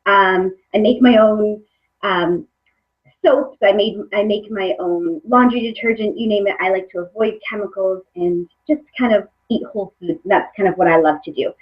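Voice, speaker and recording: A woman's voice: mid-range voice, normal speed. Woman, 30s, hosts a live webinar, chatty and hesitant, muffled lo-fi audio. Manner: warm, hesitant with many fillers. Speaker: webinar host, coach. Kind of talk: casual live webinar talk.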